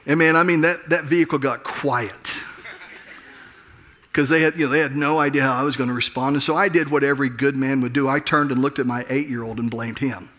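Slight background noise accompanies a middle-aged pastor whose mid-range voice is steady, a bit bright, and a little fast. Preaching a sermon, he recounts a personal story conversationally, poking fun at himself and often starting over.

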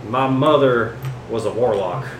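A woman's voice: rumbling low, measured pace, roomy sound, slight background noise, low-quality recording. A woman playing a tabletop game, dropping dry joking asides. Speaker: player. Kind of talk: casual tabletop play.

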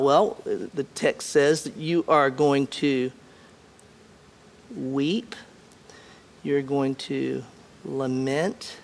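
Conversational preacher man, fairly high voice. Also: vocal fry, slight background noise. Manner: conversational, repetitive, questions the congregation. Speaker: pastor. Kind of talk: sermon.

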